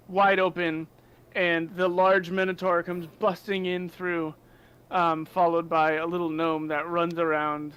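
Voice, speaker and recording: A man's voice: sits high, fairly bright tone, smooth, low-quality recording. A young man narrating as game master in a tabletop game, in a loose, chatty way full of fillers.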